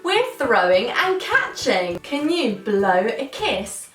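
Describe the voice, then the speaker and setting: British female children's presenter, high and drawn-out, sings often; recorded a bit off-mic in a roomy space. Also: sing-song, a bit bright. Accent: British English. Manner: slow, exaggerated, sing-song with frequent singing. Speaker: toddler speech teacher. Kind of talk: sing-song toddler lesson. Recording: roomy, slightly distant mic with faint music.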